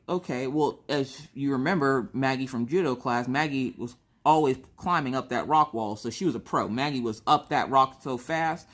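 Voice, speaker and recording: Woman, young adult, casual host at home; animated storyteller who plays her own quotes higher. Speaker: crafting channel host.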